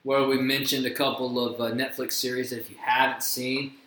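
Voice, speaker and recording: A man's voice: medium pitch, level tone, brisk, fairly bright tone, roomy sound, rough recording. A man co-hosting a casual podcast, easygoing and agreeable as he introduces the topic. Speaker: podcast co-host. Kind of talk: casual chat.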